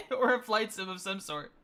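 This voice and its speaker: Woman streamer, bright voice, chatty and playful, laughs often. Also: mid-range voice, very animated, measured pace. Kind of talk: casual gaming stream chat.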